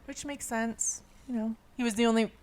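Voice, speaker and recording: A woman's voice: a little high, steady tone, moderate pace, darkish tone. Young woman, podcast co-host, casual chat, chatty, laughs easily. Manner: chatty, laughs often, says "like" a lot.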